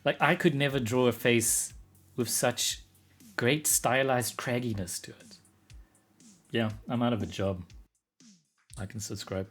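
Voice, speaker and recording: A man streaming live as an artist, thinking aloud in casual commentary, getting excited and laughing often. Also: medium pitch, unhurried, pauses often, faint music behind.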